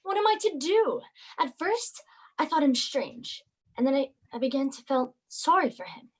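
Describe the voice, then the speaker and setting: An actress playing a tormented sister who makes an urgent, emotional confession of a secret love. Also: female voice, sits high, very animated, normal speed. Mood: confessing. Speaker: student actor. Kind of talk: stage drama monologue.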